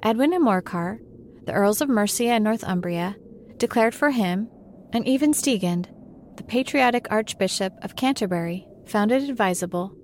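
A woman's voice: mid-range voice, animated, normal speed, slight background noise, lightly acted. A woman voicing a self-important male mouse in a storybook reading, who lectures in a dry, pompous way.

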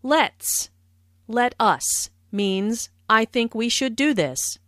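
A woman slowly explaining English phrases in a scripted language lesson. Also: fairly high pitch, expressive, fairly bright tone, no echo, studio quality. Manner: slow, careful explanation. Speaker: language teacher.

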